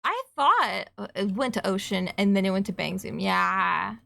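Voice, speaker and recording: A young adult woman with a Canadian accent chatting casually while streaming a game, rambling through quick asides and casual swearing. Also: medium pitch, lively intonation, gravelly, pushed and bright.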